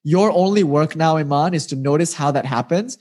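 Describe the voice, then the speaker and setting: A man teaching meditation in a patient, gently instructive way, speaking casually over a video call. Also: fairly high pitch, fairly quick.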